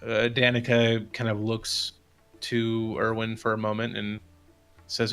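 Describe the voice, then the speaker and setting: A man's voice: lowish voice, monotone, a little slow, a bit bright, smooth, faint music behind. A man running a tabletop game as game master, narrating loosely with many fillers.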